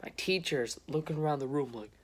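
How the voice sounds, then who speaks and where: A man's voice: a little high, fairly quick. A young man telling a casual story to camera, rambling with frequent restarts and acting out what others said. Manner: rambling, restarts often, acts out quotes. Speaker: vlogger.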